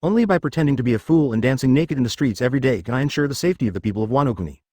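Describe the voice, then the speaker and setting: A man's voice: medium pitch, expressive, racing, dark tone, no echo, studio quality, close to an everyday voice. A man voicing a tired, stubbornly righteous male samurai lord, in a fan fiction reading.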